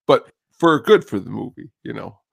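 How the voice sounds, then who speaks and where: A man co-hosting a film podcast, giving relaxed, short opinions between laughs. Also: mid-range voice, normal speed, gravelly, no echo. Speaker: podcast co-host. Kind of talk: casual movie discussion.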